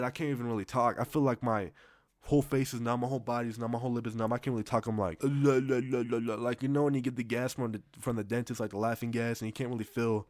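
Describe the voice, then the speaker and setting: Young guy, casual storytime, slangy and rambling, medium pitch, dead-dry close sound. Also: no echo. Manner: loose, slangy, profane, rambling with restarts.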